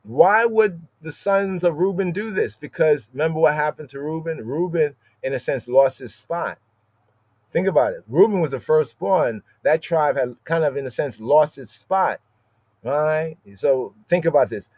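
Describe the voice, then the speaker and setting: A man's voice: on the high side, moderate pace, a little mellow, dry recording. A man teaching scripture on a podcast in a loose, informal way, repeating key words and asking "right?" after nearly every point. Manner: repeats words, constant "right?" tag questions. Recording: dry, slightly dull audio.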